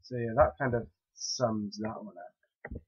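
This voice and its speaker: In a dull lo-fi home recording, a Welsh-accented young man talks through questions for his audio post in a relaxed, rambling way, stumbling with hesitations and fillers. His voice is lowish, husky, steady and slow.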